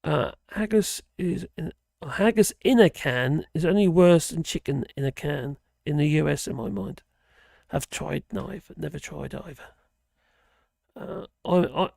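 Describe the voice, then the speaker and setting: This is a streamer, from Norwich, rambling through viewer comments. The voice is gravelly with some fry, and the sound is dry and close, with no room around it. The pitch sits in a middle range. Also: a little slow, darkish tone, no room sound. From Norwich, England. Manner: rambling, chatty, reacts to viewer comments aloud. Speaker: live-stream host. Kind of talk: casual live-stream chat reading comments.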